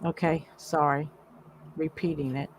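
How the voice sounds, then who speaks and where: A woman hosting a livestream in casual chat, reading viewer comments aloud in a chatty, warm way. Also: sits low, flat delivery, a little slow, slight background noise, low-quality recording. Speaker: livestream host.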